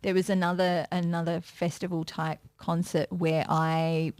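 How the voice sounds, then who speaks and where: With a fairly low, clear and resonant tone at a measured pace, a female music and pop culture presenter chats as an interview guest, free of echo. She tells stories and brings quotes to life with animated character voices.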